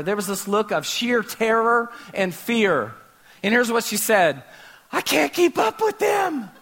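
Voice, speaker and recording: A man's voice: sits high, a bit bright. A man preaching a sermon as a pastor, telling stories animatedly and acting out scenes with sound effects.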